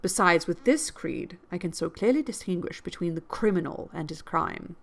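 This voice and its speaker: A woman reading as a calm, pious schoolgirl. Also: on the low side, moderate pace. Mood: serene. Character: gentle pious orphan schoolgirl, calm and resigned.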